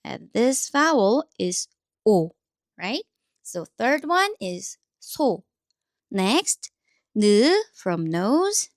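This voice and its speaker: A Korean-accented woman teaches reading slowly and deliberately, pausing to repeat each sound for her learners. Her voice is a little high and moves a lot in pitch. The close, dry recording has no room sound.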